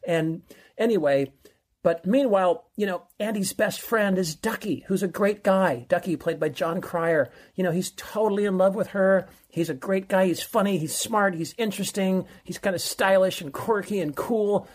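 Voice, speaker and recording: Male podcast co-host, husky, chatty, recapping films. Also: high-pitched, normal speed. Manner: chatty, rambling, with fillers and laughs. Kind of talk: podcast movie-advice chat.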